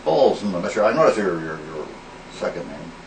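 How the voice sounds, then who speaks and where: A man's voice: low voice, big pitch swings, fairly quick. A man playing a crude, blustering uncle who swears heavily at a teacher in an improvised comedy sketch. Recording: echoey, distant, noisy amateur recording.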